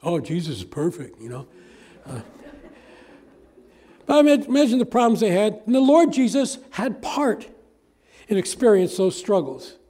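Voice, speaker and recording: An older pastor preaches in a folksy, chatty way, often turning to his congregation with questions. His voice sits high yet sounds mellow and warm, never sharp. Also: sing-song, normal speed, pauses often. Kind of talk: conversational sermon.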